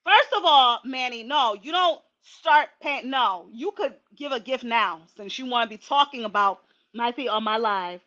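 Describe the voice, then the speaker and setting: Bright chatty woman livestreaming. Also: on the high side, normal speed, highs cut off. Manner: chatty, animated, laughing asides. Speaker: livestream host. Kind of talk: casual livestream chat.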